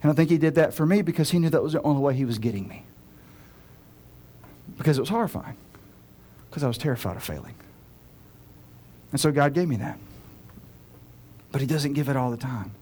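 A pastor in full sermon mode, his slightly higher man's voice rising into urgent appeals and then dropping to a near hush to land a point. He talks straight to the congregation, earnest and personal. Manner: dramatic, swinging between loud urgent pleading and hushed slow emphasis; earnest, direct address to listeners.

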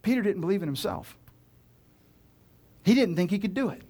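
A pastor in full sermon mode, his slightly higher man's voice rising into urgent appeals and then dropping to a near hush to land a point. He talks straight to the congregation, earnest and personal. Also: animated. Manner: dramatic, swinging between loud urgent pleading and hushed slow emphasis; earnest, direct address to listeners.

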